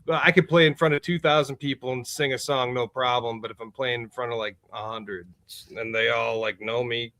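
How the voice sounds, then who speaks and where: A man on a podcast as a musician guest, telling a story in a loose, animated way, laughing often and swearing freely. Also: medium pitch, fairly quick, few pauses. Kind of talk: casual storytelling chat. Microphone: remote call setup.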